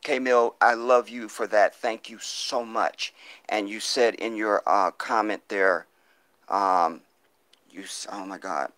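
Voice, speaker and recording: Impassioned low-voiced man on a live stream. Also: fairly even intonation, slow pace, a bit bright, no echo. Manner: impassioned, profane, pleading for donations. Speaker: livestream host. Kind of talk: live-stream chat reading viewer comments. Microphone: phone.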